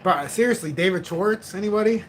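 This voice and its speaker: A man's voice: high-pitched, brisk, slight background noise. A man in his forties hosting a crypto livestream, chatting casually in a rambling, joking, self-mocking way. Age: 40s.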